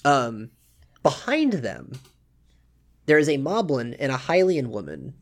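Halting male game master. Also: medium pitch. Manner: relaxed, halting narration with many fillers. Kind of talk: narrating a tabletop game.

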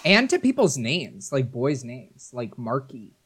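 A woman chatting casually on a podcast, quick to laugh and poke fun at herself. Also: very deep voice, very animated, husky. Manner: laughing, self-deprecating. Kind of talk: casual chat.

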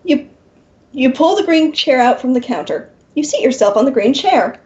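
A woman narrating an interactive fiction game aloud for her co-hosts, in an expressive reading style, on a slightly dull recording. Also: sits high, moderate pace.

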